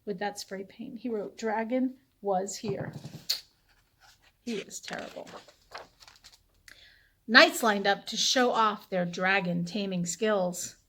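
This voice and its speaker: A woman librarian reading a picture book aloud to children in a playful, animated storytelling voice. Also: mid-range voice, slow pace, pauses often, slight background noise.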